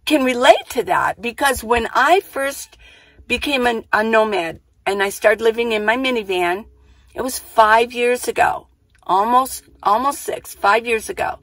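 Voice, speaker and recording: With a fairly high, somewhat bright voice and no echo, a woman chats at a measured pace about living in her minivan full time. The casual to-camera vlog starts outdoors and ends up inside the minivan, and she repeats points and thinks aloud as she goes.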